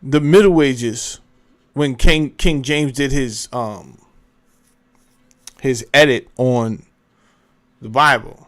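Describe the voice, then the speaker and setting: A man hosts a casual commentary while browsing clips, his medium-pitched voice a bit bright. He goes at a slow pace and pauses often, rambling, interrupting himself, and thinking aloud as he looks things up.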